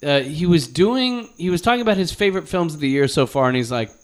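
Male comedy podcast host from the Chicago area. Fairly high, bouncy delivery. Casual, story-driven chat. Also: fast talker. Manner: animated storyteller who slips into mocking voices.

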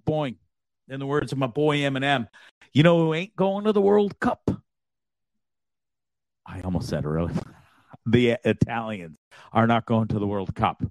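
Canadian-born male host, profane blustery rant with shouted bursts, dry sound. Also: mid-range voice, no room sound. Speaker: show host. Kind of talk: ranting live show monologue.

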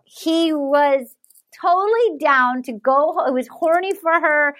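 A woman's voice: high voice, unhurried, fairly bright tone. A woman hosting a casual podcast chat, retelling a scene by acting out the quoted dialogue. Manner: recaps by acting out quoted dialogue, laughs often. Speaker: podcast host.

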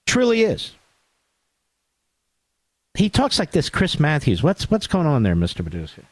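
A man hosting a talk radio show, delivering a sarcastic, animated political monologue with asides to his producer. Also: fairly high pitch, fairly quick, no room sound.

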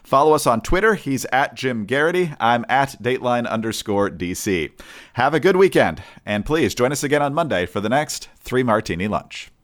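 A man hosting a political podcast, steady and measured with a wry edge, closing out the show. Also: mid-range voice. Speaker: podcast host. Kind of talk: political chat and show outro.

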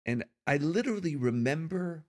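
Lively-voiced man from Israel. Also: fairly high pitch, moderate pace. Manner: thoughtful, warmly laughing between remarks. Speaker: podcast co-host. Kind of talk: reflective conversation.

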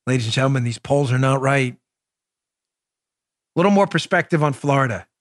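A man hosting a political commentary show, sarcastic and animated, who talks to his audience directly. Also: mid-range voice, moderate pace. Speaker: talk show host.

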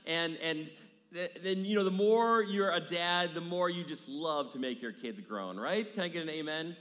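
A man in his thirties preaching a sermon in a church, energetic, repeating key phrases and dropping into hushed asides. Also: high voice, normal speed. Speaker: pastor. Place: church sanctuary. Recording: long hall reverb.

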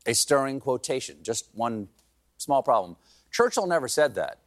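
A man's voice: medium pitch, sing-song, moderate pace, noisy background. A man hosting a late-night show, delivering a comedic news monologue with sarcastic, mocking punchlines.

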